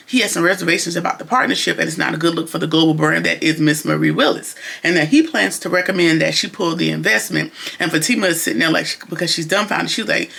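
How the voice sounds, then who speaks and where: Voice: medium pitch, gravelly, bright, forceful tone. A TV reviewer recapping an episode in casual, sassy commentary, full of exasperated slangy asides.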